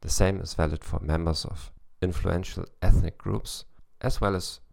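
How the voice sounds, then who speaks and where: A man with a German accent reads a scripted podcast monologue in a measured, lecturing way. His voice sits very low and has a gravelly edge. The recording is dry, with no room sound. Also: steady tone, darkish tone, no echo. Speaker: podcast host.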